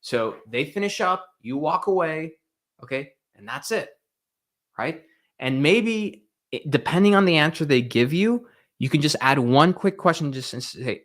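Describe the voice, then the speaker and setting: A man's voice: on the high side, lively intonation, unhurried, a bit bright. A man giving casual, emphatic coaching on sales tactics, checking in with the listener as he talks and acting out scenes as he moves around a room. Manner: emphatic, demonstrates with role-play, frequent "right?" and "okay?". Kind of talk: casual instructional talk.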